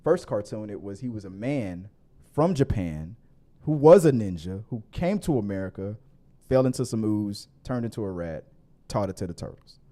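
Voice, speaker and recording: A man hosting a casual movie talk show, rambling with many restarts and growing more animated as he argues his point. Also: fairly low pitch, moderate pace. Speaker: podcast host.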